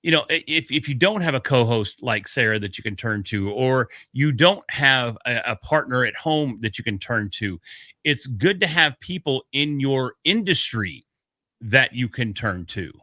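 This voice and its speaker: Upbeat guy cohosting a podcast, bright forceful voice, dry close mic, jokes around. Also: medium pitch, lively intonation, normal speed, dry recording. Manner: upbeat, joking, motivational. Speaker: podcast co-host. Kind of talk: casual podcast chat.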